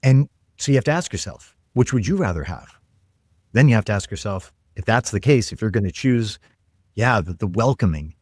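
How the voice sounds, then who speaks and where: A man telling work stories as a podcast guest, earnest and energetic, acting out quoted lines. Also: lowish voice, no echo, studio quality. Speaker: guest, tech leader. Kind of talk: conversational podcast storytelling.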